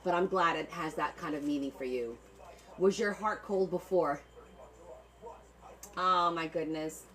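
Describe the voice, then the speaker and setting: A woman's voice: sits low, a little slow, a bit bright, poor audio. A woman hosting a live online auction of her handmade journals, chatting affectionately with viewers, thanking them by name and often repeating words as she talks. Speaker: livestream seller of handmade journals. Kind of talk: casual live auction chat.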